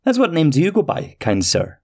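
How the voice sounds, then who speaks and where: A man voicing a cheerful, fussy little male traveller in a storybook tale, with an eager, quick, high manner. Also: huge pitch swings, vocal fry, a little mellow, husky, heavily acted.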